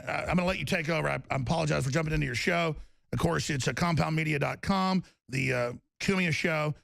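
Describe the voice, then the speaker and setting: A man's voice: fairly high pitch, gravelly, fairly bright tone, dry recording. A middle-aged man hosting a radio talk show, ranting heatedly about politics and mocking others in quoted voices.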